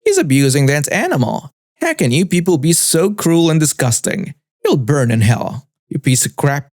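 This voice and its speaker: A man's voice: fairly high pitch, big pitch swings, normal speed, a little mellow, dry recording, clean studio sound. A man voicing a rude, entitled middle-aged woman who screeches demands at clinic staff. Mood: hostile shrieking.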